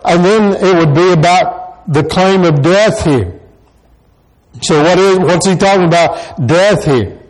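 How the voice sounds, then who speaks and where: A man's voice: high-pitched, measured pace, poor audio. A pastor preaching a sermon to his congregation, pressing the same questions again and again. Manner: repeats rhetorical questions to the congregation.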